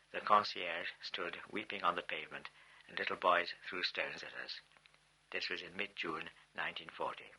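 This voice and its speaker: Low, husky man reading a memoir. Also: pushed and bright, poor audio. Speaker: audiobook narrator. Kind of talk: first-person memoir narration.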